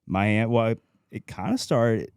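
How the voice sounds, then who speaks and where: Deep, mellow young man hosting. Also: very animated, moderate pace, smooth, no echo. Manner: laid-back, dry teasing. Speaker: podcast host. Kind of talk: casual chat. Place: small room, podcast setup.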